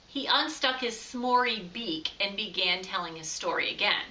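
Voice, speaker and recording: A woman reading a children's story aloud in a slow, expressive way, recorded from a distance in an echoey room. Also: medium pitch. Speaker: storybook reader. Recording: echoey room, far from mic.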